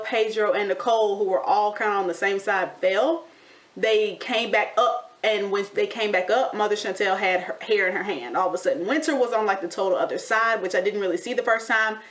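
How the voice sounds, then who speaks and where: A woman giving a casual, sassy recap of a reality TV show, chatty and animated, with slang like honey and y'all. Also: mid-range voice, moderate pace. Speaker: TV recap vlogger.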